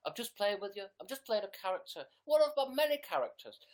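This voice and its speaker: A man's voice: high voice, big pitch swings, brisk, fairly bright tone. A young British man chatting sarcastically on a livestream from his bedroom, playing a mock diva. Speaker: livestream host. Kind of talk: casual livestream chat.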